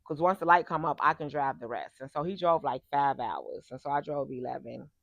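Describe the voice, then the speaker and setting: A woman tells a personal story in a casual, animated, emphatic way. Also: very deep voice, fairly quick, gravelly, dry recording, narrow, tinny audio. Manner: animated and emphatic, acts out the people she quotes. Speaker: vlogger telling a personal story.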